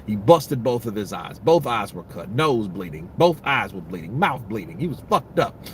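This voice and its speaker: A man's voice: lowish voice, sing-song, moderate pace, fairly bright tone, a little hiss or hum. A man giving casual, rambling boxing commentary, full of profanity and restarts.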